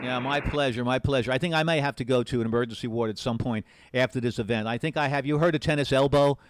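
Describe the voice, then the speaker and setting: A man's voice: mid-range voice, quick pace, no room sound. A man hosting a live-streamed amateur radio event from his desk mic, talking in an earnest, rambling way with many repeated words. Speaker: amateur radio special event station host. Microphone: desk mic with push to talk.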